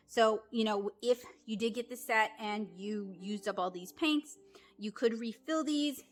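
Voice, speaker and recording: A woman giving a casual, chatty art supply review, frank with her opinions and quick to laugh a little. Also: on the high side, a bit bright.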